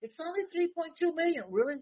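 A man's voice: very high voice, animated, quick pace, darkish tone, highs cut off. A man co-hosting a casual political talk show, speaking heatedly with many fillers and restarts.

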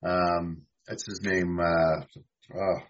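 A man's voice: low voice, flat delivery, very slow. A man from New York, a guest who talks fantasy baseball in a hesitant way, full of ums and restarts. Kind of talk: casual sports chat. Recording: dull lo-fi sound.

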